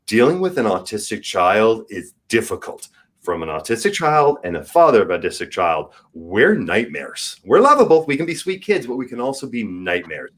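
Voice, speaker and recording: A man's voice: lowish voice, big pitch swings, normal speed, fairly bright tone. A man in his forties, a podcast guest, talking candidly and earnestly and giving advice in casual chat. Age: 40s.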